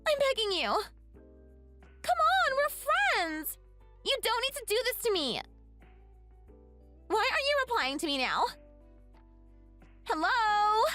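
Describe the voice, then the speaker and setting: A woman's voice: very high voice, very animated, takes it slowly, pauses often, sharp tone, soft background music, full character voice. A woman voicing a sly young woman who keeps begging for forgiveness, repeating her apologies in a whiny, pleading way.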